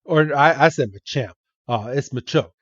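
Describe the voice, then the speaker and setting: A podcast host, a man with a medium-pitched voice, recaps a comic slowly and chattily, correcting himself along the way. The recording is muffled, with no room sound.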